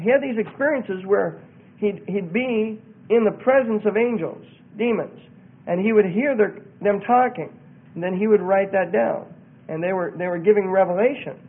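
A man's voice: high-pitched, moderate pace. A man preaching in a sermon-style talk, emphatic and given to repeating words for effect. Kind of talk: sermon-style teaching on a religious group. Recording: tinny phone-like audio.

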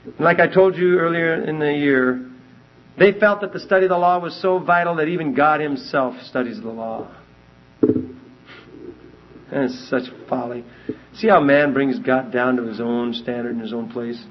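Male Bible teacher, mid pitch, emphatic, animated delivery, dull lo-fi recording. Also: moderate pace. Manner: emphatic, animated, reads scripture aloud in King James wording.

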